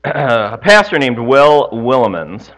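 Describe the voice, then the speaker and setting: A man's voice: mid-range voice, sing-song, slow pace, fairly bright tone, rough recording. A male pastor leading prayer and telling a story in a casual, hesitant way, full of restarts and self-deprecating asides.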